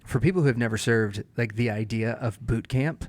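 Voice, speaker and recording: A man's voice: mid-range voice, brisk, a little mellow, no room sound. A man co-hosting a podcast, mostly backing up the host with short, agreeable replies. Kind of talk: casual podcast chat.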